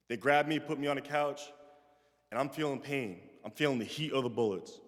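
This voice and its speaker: A young man giving a personal storytelling talk as guest speaker, animated and acting out the voices he quotes, then dropping soft when he reflects. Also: mid-range voice. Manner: animated, acts out quoted voices, trails off softly in reflective moments. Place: large chapel. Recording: long chapel reverb.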